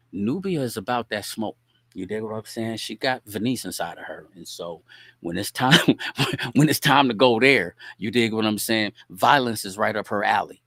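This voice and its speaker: A man hosting a show, telling a family story in a casual, animated, slangy way and often checking in with the listener. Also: mid-range voice, gravelly, no echo. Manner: animated, slangy, keeps asking "you dig what I'm saying?". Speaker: host.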